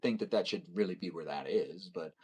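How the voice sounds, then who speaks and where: A man live streaming a video game, chatting casually and rambling, talking fast, reading chat aloud and half-singing his username letter by letter. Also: sits low, darkish tone, husky, low-quality recording.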